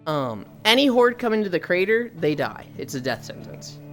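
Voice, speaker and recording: A man's voice: sits high, sing-song, normal speed, a bit bright, soft background music. A man streaming while walking on a treadmill, chatting and telling a long, rambling story with casual swearing.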